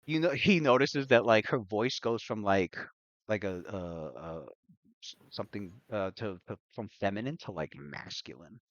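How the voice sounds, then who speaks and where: A man's voice: on the low side, moderate pace, no room sound, dull audio. A man narrating a tabletop game as game master, rambling with many fillers and restarts and frequent laughs.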